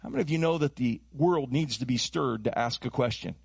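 This man preaches with a high, lively voice that leaps up and down in pitch as he works through his sermon, slipping now and then into acted voices. The recording is dry and a little dull, like lo-fi audio. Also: moderate pace, vocal fry, husky, no echo. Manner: animated preaching, acts out voices and accents. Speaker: pastor.

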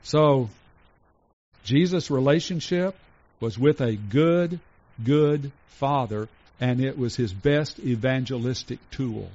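A pastor preaching a sermon in an earnest way, slowing down to stress each item in a list and going soft for tender points. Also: male voice, medium pitch, dry recording. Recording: dull lo-fi recording.

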